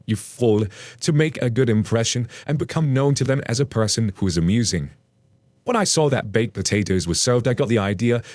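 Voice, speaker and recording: A man reads a story aloud into a close mic, his mid-pitched voice animated and full of playful asides. The sound is dry and close, with no room around it. Between stories he slips into easy, casual commentary for his listeners. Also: no room sound. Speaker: story narrator.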